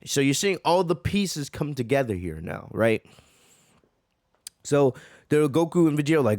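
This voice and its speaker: A man's voice: a little high, big pitch swings, moderate pace, pauses often, a little mellow, no echo, clean studio sound. Eager man reacting to a manga chapter. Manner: eager, keeps asking "right?". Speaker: host.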